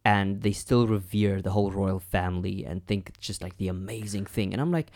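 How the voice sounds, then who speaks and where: Candid, animated young man in casual chat. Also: low voice, a little fast, few pauses. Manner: candid, animated, swears and laughs often. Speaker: podcast co-host.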